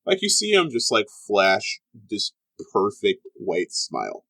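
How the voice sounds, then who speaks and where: Low-voiced rambling game master. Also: male voice, huge pitch swings, measured pace, pushed and bright, dry recording. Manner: rambling, full of "like" and fillers. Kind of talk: narrating a tabletop game.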